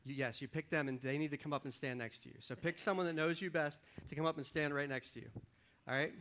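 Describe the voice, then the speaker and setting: A man preaching as a pastor from a church stage, joking with and directing volunteers in a lively, upbeat sermon. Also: on the high side, fast talker. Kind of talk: lively sermon with audience participation. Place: church stage before a congregation. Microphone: stage microphone.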